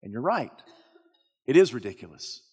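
A man preaching a sermon, telling a story in the second person and swinging from hushed tones to shouting. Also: mid-range voice, big pitch swings, normal speed, breathy edge, in a large hall. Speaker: pastor.

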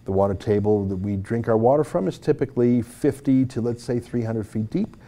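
Argumentative commentary host. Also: male voice, medium pitch, a little fast, warm tone. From Alberta, Canada. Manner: emphatic, argumentative, with frequent fillers and restarts. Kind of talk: opinionated commentary.

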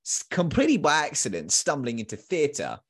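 A British man in his thirties, a guest on a podcast, telling his story in a lively, slangy way. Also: fairly high pitch, brisk, breathy edge. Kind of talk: casual storytelling in an interview.

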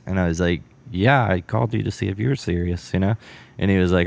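A man's voice: sits low, brisk, gravelly, darkish tone. A man brewer telling a story in a casual interview, rambling with many fillers and acting out bits of dialogue.

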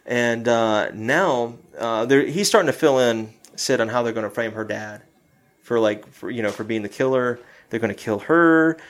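A man's voice: medium pitch, moderate pace. A man chatting casually about a film's final scene, acting out the characters' lines, swearing and laughing as he goes. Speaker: podcast co-host recapping a film. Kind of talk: casual chat.

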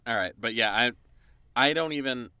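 A man's voice: medium pitch, moderate pace, sharp tone. A man playing in a tabletop role-playing game, talking casually with hesitant restarts. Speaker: player.

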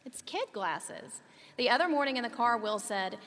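With a fairly high pitch and moderate pace, a woman in her thirties, a mother and co-host, delivers a scripted conversation as chatty storytelling sprinkled with lively asides. Long hall reverb and faint ambience color the recording.

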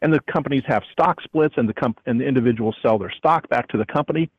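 Husky guy on a call, kinda high voice, dull muffled line, firm and worked up. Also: quick pace, no room sound. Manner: emphatic, indignant, repeats the host's name. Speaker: economist guest. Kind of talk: radio interview. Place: airport, calling in while traveling.

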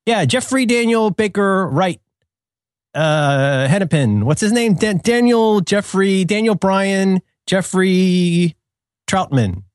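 A man's voice: high voice, animated, slow pace, no room sound, studio quality. A middle-aged man chatting casually as a podcast co-host, rambling with many restarts and laughing at his own jokes. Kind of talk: casual chat.

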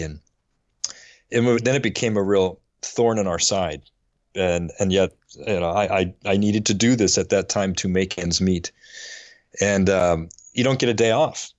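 A middle-aged man on a faith podcast, telling a personal story in an earnest, halting way and getting choked up. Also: deep voice, dry recording. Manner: earnest, halting, with frequent restarts. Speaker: podcast co-host.

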